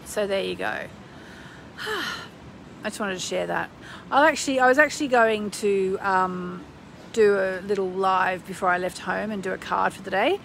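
A woman's voice: mid-range voice, normal speed, creaky, fairly bright tone, slight background noise, rough recording. A woman astrologer chatting on a live stream, rambling with many ums and breaking into bursts of gushing enthusiasm, recorded on a phone. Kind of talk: casual live-stream chat.

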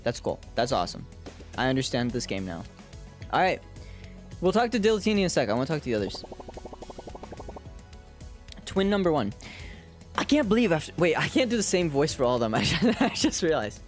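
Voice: medium pitch, sing-song, fast talker, soft background music. A game streamer giving casual let's-play commentary, giggling often and poking fun at themselves. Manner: giggly, self-deprecating, swearing.

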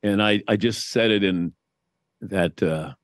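A man's voice: fairly low pitch, a little slow, no room sound. A man in casual sports chat, telling stories with energy and putting on voices when he quotes people. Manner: animated storyteller, does voices when quoting. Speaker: guest.

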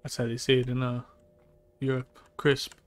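A man's voice: medium pitch, monotone, moderate pace. A male streamer giving loose, profane gameplay commentary, chuckling to himself as he plays. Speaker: gaming streamer.

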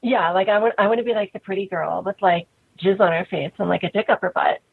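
A woman in her thirties speaks as an interview guest, frank and relaxed, with "like" dropped all through her talk. Her husky voice comes through thin and tinny, like a phone line. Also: medium pitch, quick pace, dry recording. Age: 30s. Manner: frank, relaxed, many "like" fillers.

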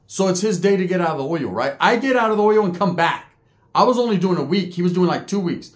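A man's voice: high-pitched, fast talker. A middle-aged man telling a story in casual street slang, acting out the voices of others as he goes. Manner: street slang, animated retelling, mimics other inmates' voices. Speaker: podcast storyteller.

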